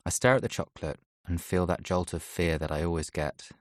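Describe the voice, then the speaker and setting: Male audiobook narrator, low voice, soft reflective first-person reading, dry close studio sound. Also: fairly quick, no echo. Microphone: close studio mic.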